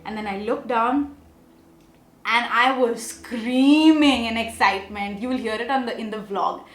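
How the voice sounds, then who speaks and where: A young woman with a fairly high voice talks in a chatty, animated way, walking through a makeup routine and then a story. Her voice rings a little in a roomy, echoey space. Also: unhurried. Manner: chatty, animated, often asks okay?. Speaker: beauty vlogger. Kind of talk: casual makeup tutorial and storytelling.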